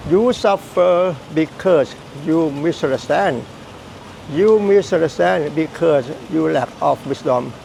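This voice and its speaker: High, gravelly man. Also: a little mellow, a little hiss or hum, low-quality recording. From Thailand. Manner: repetitive, halting, emphatic phrasing. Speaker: Buddhist teacher. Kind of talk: dharma teaching.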